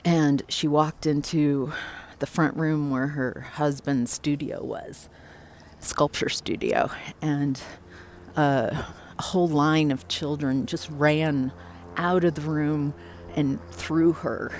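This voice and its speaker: Slow, reflective psychic medium telling a tale. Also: medium pitch, fairly even intonation, a little hiss or hum. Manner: slow, reflective storytelling with filler words. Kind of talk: casual first-person ghost story.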